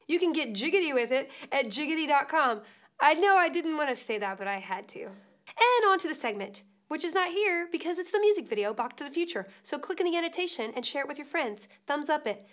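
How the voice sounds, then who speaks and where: A woman's voice: sits high, lively intonation, fast, fairly bright tone. A young woman hosting a web show in a quirky, playful scripted vlog style with jokey asides.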